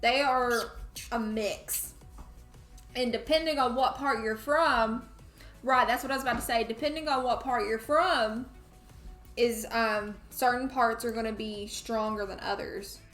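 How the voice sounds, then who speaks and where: A woman's voice: fairly high pitch, a little slow, fairly bright tone. Young woman, Tennessee Southern accent, streamer, chatty, roomy echo, faint music behind. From Tennessee, USA. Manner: chatty, talks to the game and chat. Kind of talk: casual gameplay chat.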